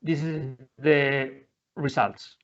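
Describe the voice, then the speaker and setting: A man presenting a live software demo in non-native English, halting often with fillers and restarting his sentences. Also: mid-range voice, little pitch movement. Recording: dull lo-fi audio.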